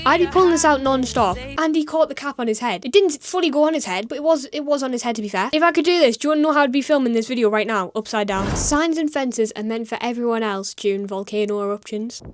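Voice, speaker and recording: A woman's voice: fairly high pitch, fast, few pauses, soft background music. A British woman hosting a comedic reaction video, talking in a sarcastic, rambling way with self-mocking asides.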